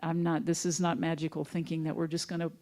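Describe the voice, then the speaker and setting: Minister type, relaxed sermon delivery, homespun storyteller. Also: mid-range voice, fast talker. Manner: conversational, folksy storytelling. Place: church sanctuary, also streamed online.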